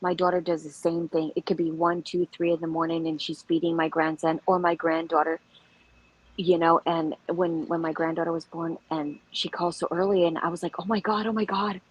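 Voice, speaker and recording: Middle-aged woman, low husky voice, chatty and supportive, keeps agreeing. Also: flat delivery, fairly quick, low-quality recording. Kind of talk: casual chat.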